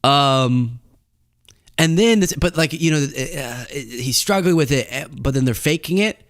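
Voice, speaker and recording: A man's voice: medium pitch, animated, unhurried, fairly bright tone, no echo, clean studio sound. Man riffing in a rambling comedy bit. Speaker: host. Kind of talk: casual political commentary.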